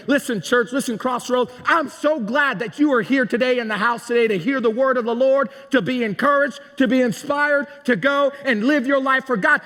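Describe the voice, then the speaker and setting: A man's voice: extremely high pitch, moderate pace, hardly any pauses, a bit bright. Pastor, male, chatty storytelling sermon, a ringing voice carrying through a reverberant church. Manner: storytelling, conversational, asks the congregation. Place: church sanctuary.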